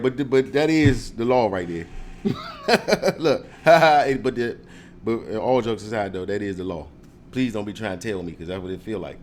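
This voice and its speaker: A man talks casually to the camera, animated and joking, acting out confrontations with mock questions. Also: on the low side, unhurried, a little hiss or hum. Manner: animated, joking, mock-confrontational role-play with frequent laughs. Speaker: speaker giving advice to viewers.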